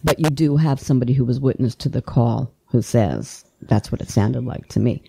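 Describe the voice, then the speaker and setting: A woman hosts a political talk show with a low, mellow voice. She argues with passion and trips over restarts, and her voice leaps upward when she gets heated. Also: creaky, breathy edge. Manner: impassioned, voice climbs when emotional; rapid, repetitive restarts. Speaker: podcast host.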